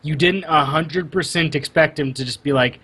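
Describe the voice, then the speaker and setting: A playful young man teases his friends on a casual podcast. His voice is bright and forceful, a little high, with a sharp edge. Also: normal speed, husky. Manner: playful, teasing. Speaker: podcast co-host. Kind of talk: casual chat.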